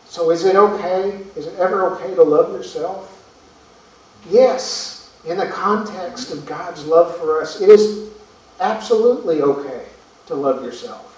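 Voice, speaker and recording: A man's voice: high voice, a little slow, a little mellow. A man preaching a sermon in earnest tones, asking rhetorical questions and repeating words as he goes. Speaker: pastor. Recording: echoey room from far off.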